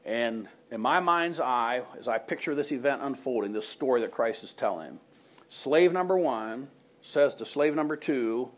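A male pastor preaching a sermon to a congregation, retelling a story in a conversational way and asking the room questions. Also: medium pitch.

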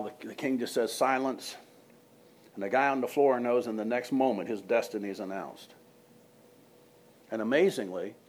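A male pastor preaching a sermon to a congregation, retelling a story in a conversational way and asking the room questions. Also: medium pitch.

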